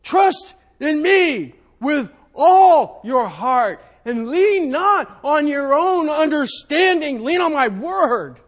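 A man preaching, voicing God as a loving but stern father who gives booming, drawn-out commands. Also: big pitch swings, exaggerated voice. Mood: commanding. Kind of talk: sermon.

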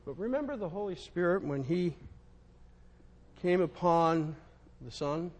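Unhurried yet lively in intonation, a man with a fairly high voice preaches with emphasis and repetition. He addresses his listeners and himself alike.

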